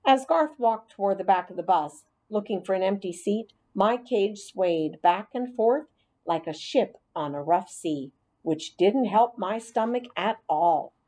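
A woman's voice: medium pitch, lively intonation, measured pace, mellow. A woman narrating a children's storybook in the first person as a hamster, reading expressively.

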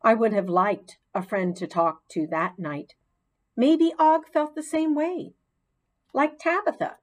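A woman narrating a children's storybook in the voice of a chatty hamster classroom pet, with expressive storytelling. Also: on the high side, slow pace. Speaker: audiobook narrator.

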